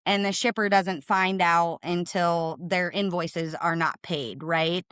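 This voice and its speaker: A woman talks as a podcast guest in a brisk, emphatic way, often checking in with "right?". Her voice is smooth and resonant, and it is recorded close and dry. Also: lowish voice, steady tone, a bit bright, no echo. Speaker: cargo claims and risk manager, guest. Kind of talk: podcast interview, explaining.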